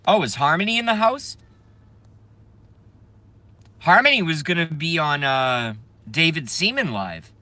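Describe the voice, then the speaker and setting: Man, live-stream host, bright and forceful tone, dry close sound, rambling, profane, laughs a lot. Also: a little high, very animated, no echo. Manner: self-interrupting, drawn-out filler sounds. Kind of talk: casual live-stream chat, reading chat aloud.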